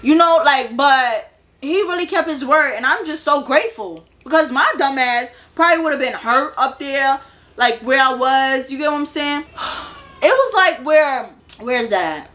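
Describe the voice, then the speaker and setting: A young woman tells a personal story in a loose, animated way, heavy with slang and swearing. Her voice sits high for a woman. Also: moderate pace. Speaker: vlogger. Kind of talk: storytime vlog.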